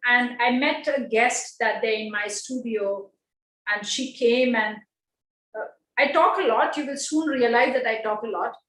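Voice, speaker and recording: High-pitched woman telling a lively story. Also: measured pace. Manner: expressive, acts out voices in her anecdotes; non-native English with simple grammar. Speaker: speaker at an online panel. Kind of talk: animated personal storytelling. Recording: echoey room.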